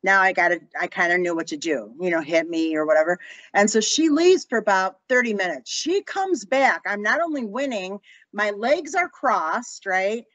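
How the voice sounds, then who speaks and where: On a dry, low-quality recording, a woman in her sixties speaks at a moderate pace in a mid-range voice. She's an animated interview guest telling personal stories and imitating the people she quotes.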